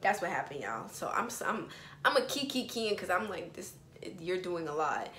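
A young woman telling a storytime vlog in casual chat, chatty and animated, with quick asides to her viewers. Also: on the low side, reverberant, slight background noise. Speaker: vlogger.

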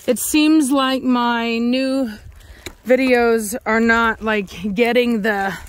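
A woman dog breeder with a Texan accent, chatting casually outdoors and cooing baby talk at her dogs. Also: a little high.

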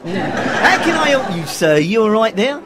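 A man's voice: high-pitched, big pitch swings, measured pace, heavy background noise. A man playing a dim, cheery shop assistant in a radio comedy, dithering and easily confused. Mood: chirpy. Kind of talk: amateur radio comedy acting.

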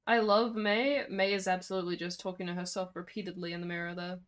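A woman's voice: lowish voice, flat delivery, quick pace, hardly any pauses, fairly bright tone. A woman streaming a game live, giving chatty, wry commentary on the story. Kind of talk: casual let's-play commentary.

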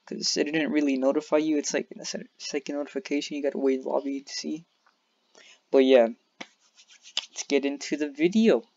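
A man's voice: a little high, steady tone, a little fast, muffled recording, slight background noise. A man giving casual gameplay commentary as a video host, rambling along, laughing at his own slips and filling gaps with "and yeah". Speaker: gaming YouTuber. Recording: game sounds loud behind the voice.

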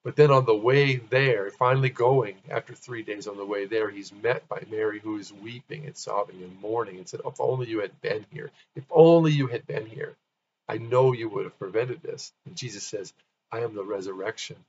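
A man talks through a Bible teaching in a loose, conversational way, stopping to restart and fix his own words. His voice sits at an ordinary middle pitch. The recording sounds a little dull and lo-fi. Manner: conversational, restarts and corrects himself.

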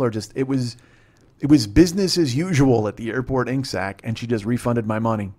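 A man's voice: medium pitch, brisk, darkish tone. A male comedian hosting a podcast, telling a rambling story in a profane, self-deprecating way.

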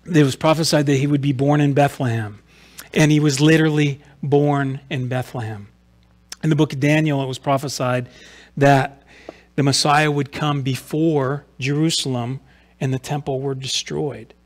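Male pastor, mid-pitched, animated delivery that swells and drops, talks straight to the congregation with rhetorical asides. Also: moderate pace. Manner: animated preaching, swelling louder on quoted cries and dropping soft on reflections. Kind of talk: sermon. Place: church sanctuary.

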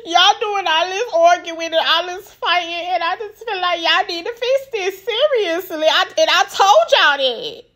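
A pregnant young woman, high and wavering, pleading tearfully with her friends to make peace, as a woman acts her out. She half laughs and half cries. The voice is bright and strained. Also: lively intonation, measured pace, few pauses, exaggerated voice.

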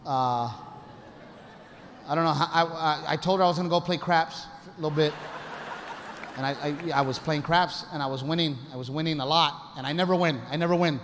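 A man with a high voice tells a crude, animated stand-up story about himself. He is recorded on a club stage through a handheld mic, with clear background noise in the room. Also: fairly quick, long reverb tail. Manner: animated storyteller with crude, self-mocking punchlines. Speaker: stand-up comedian. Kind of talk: stand-up routine.

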